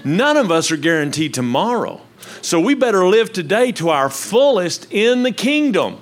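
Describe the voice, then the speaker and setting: An older man preaching from the pulpit with a handheld mic, his voice sitting fairly high and ranging widely in pitch. He drops to low, quiet asides and then comes back loud and emphatic, keeping the sermon lively. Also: normal speed. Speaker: pastor. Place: church with live congregation. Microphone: handheld microphone.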